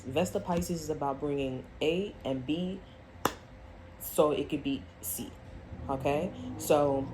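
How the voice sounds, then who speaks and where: A woman's voice: sits low, noisy background. Blunt, profane woman reading tarot. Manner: blunt, profane, laughs often; acts out voices in quoted asides. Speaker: tarot reader. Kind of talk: casual tarot reading to camera.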